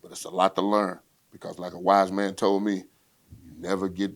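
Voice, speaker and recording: A man in his forties hosting a solo sports podcast rundown, loud and swaggering, talking trash straight to his listeners. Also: low-pitched, little pitch movement, normal speed. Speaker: podcast host.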